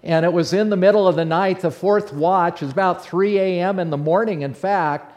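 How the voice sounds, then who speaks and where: A man playing the apostle Peter in a first-person dramatic monologue, telling his story in an animated way that swings between hushed and loud. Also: high-pitched, brisk, lightly acted. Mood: awed storytelling. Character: the apostle Peter, bold outspoken fisherman. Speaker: preacher in character.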